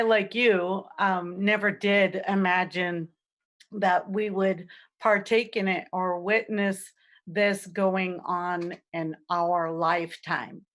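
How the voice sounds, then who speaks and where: Low, slow-spoken woman, halting and hesitant. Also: fairly bright tone. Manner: halting, hesitant, many filler pauses. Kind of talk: casual conversation.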